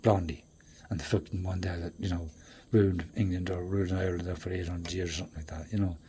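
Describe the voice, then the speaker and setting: A man in a rambling, profane monologue that swings between loud outbursts and low mutters. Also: steady tone, fast talker, slight background noise.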